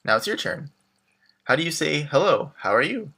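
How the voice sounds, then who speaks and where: A man teaching a beginner language lesson, modeling phrases slowly and clearly, then glossing them and prompting the learner to answer. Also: fairly high pitch, big pitch swings, sharp tone. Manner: clear, slow modeled pronunciation with English glosses. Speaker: French teacher.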